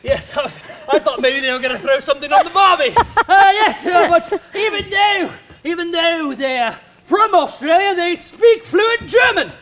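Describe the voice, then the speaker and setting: A very high, squeaky voice belongs to a pompous, excitable showoff who keeps butting in with jokes and silly noises, as a man puts him on. It is a kids' church skit, loud and goofy. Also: moderate pace, few pauses, slight background noise, heavily acted. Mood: playful. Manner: goofy, excitable, interrupts with jokes and sound effects. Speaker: comic co-host of a kids' church lesson.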